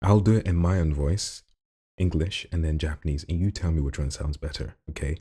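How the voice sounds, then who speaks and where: A man with a very deep, gravelly voice full of vocal fry, chatting casually and jokingly in a vlog while showing off voices at home late at night. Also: a little fast, dry recording, clean studio sound. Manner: relaxed, chatty, jokey asides. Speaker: hobby voice actor.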